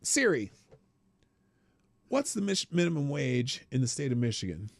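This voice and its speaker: A man hosting a casual political commentary show, talking in sarcastic, animated rants full of laughs and restarts. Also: mid-range voice, brisk, creaky, no room sound. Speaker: show host.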